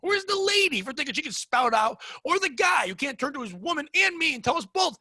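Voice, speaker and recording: A man hosting a comedy podcast, telling a story as a profane, animated rant. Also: very high-pitched, quick pace, no echo.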